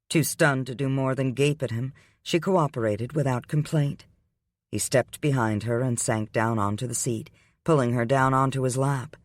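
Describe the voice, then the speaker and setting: A man giving the scripted, unhurried narration of a romance audiobook. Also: mid-range voice, no room sound, studio quality.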